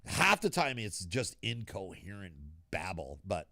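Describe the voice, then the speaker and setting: A man's voice: lowish voice, big pitch swings, a little slow, vocal fry, pushed and bright, dry recording, studio quality. A man with a rural New England accent hosting a casual podcast chat, swearing freely and laughing as he tells stories. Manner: profane, laughing storyteller. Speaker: podcast host.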